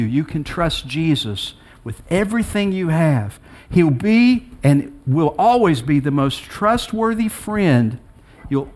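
A man preaching with a somewhat high voice that swings widely, climbing sharply for emphasis. He tells stories by acting out the dialogue. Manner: animated storytelling with acted-out dialogue; pitch leaps high for emphasis. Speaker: pastor. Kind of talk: sermon.

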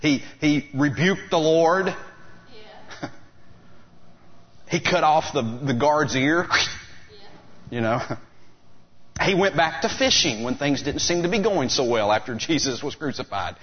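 A male preacher at mid pitch delivers a sermon in an animated storytelling way, acting out the people in his story. The recording sounds a little dull and lo-fi. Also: unhurried. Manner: animated storytelling, acts out voices of the disciples. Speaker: pastor.

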